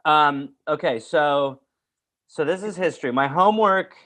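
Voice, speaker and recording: A man's voice: on the high side, a little slow, fairly bright tone. Man rambling through funny school stories. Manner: rambling, jokey, reads aloud and acts out quotes. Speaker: podcast host. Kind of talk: casual storytelling chat.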